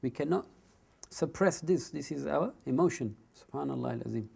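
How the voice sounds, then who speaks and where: A man giving a Quran commentary lesson, reciting Arabic verses quickly and then explaining them in English with frequent asides. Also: a little high, lively intonation, vocal fry, a little mellow, husky.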